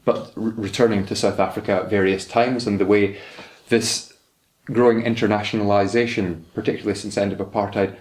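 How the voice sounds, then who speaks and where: Young man, researcher, thoughtful and hesitant, low pitch, roomy echo. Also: fairly even intonation, fairly quick, a little mellow. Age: young adult. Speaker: guest, doctoral researcher. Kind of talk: academic interview, explaining and reading aloud.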